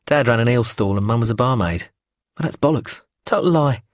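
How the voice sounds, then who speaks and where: A man's voice: medium pitch, expressive, brisk, no echo, studio quality, close to an everyday voice. A man voicing a cocky, foul-mouthed male hustler in an audiobook, talking in a boastful, swaggering way. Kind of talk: audiobook character reading.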